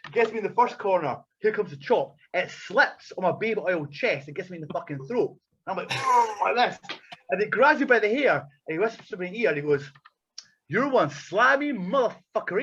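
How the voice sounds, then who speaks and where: A man's voice: high-pitched, a little fast, muffled recording, a little hiss or hum. A man, a wrestler telling backstage stories in casual, profane chat and acting out the people in them. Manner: profane, animated storyteller acting out quotes. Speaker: wrestler and podcast regular.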